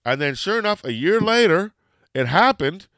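A man from Canada tells a rambling story in casual chat, getting loud and swearing when he acts out the exchanges. His voice is smooth and clear, and the recording is close and dry. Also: high-pitched, moderate pace, no echo. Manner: animated, swearing, acts out quotes loudly.

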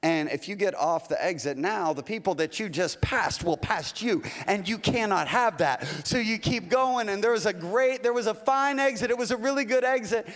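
A male pastor delivering a folksy, animated sermon, acting out little asides as he goes. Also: sits high, moderate pace, few pauses. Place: church sanctuary. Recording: long reverb of a large hall.

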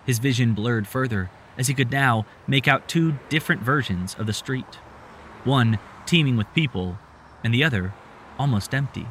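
A man reading a story aloud in a steady, measured narration. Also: mid-range voice, a little hiss or hum.

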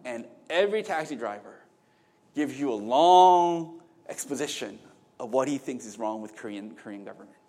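A middle-aged pastor preaches a conversational sermon, making asides to the congregation and restarting often. His mid-range voice is expressive and dark-toned, at normal speed.

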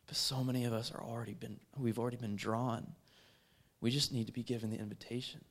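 A man telling a personal faith testimony in an earnest, halting way, with many fillers and restarts. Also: lowish voice. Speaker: street evangelist.

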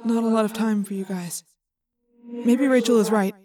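A woman voicing a restless teenage boy who speaks forcefully and defiantly. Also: fairly high pitch, steady tone, moderate pace, recorded from a distance, music in the background, natural voice.

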